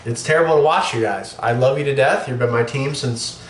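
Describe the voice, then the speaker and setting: A man's voice: medium pitch, a little fast. A young man hosting a casual sports opinion show, blunt and profane, sick with a cough. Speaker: show host. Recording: echoey room with faint noise.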